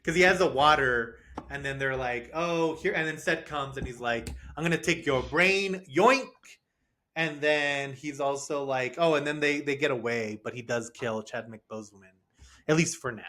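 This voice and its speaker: A man's voice: mid-range voice, moderate pace, pushed and bright. A man co-hosting a casual movie review podcast, recapping the plot with lots of laughter and silly quoted lines. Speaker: podcast co-host.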